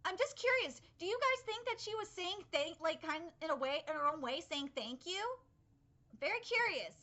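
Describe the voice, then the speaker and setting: A young woman hosting a live anime reaction, excitable and rambling, swearing freely as she comments. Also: very high-pitched, normal speed.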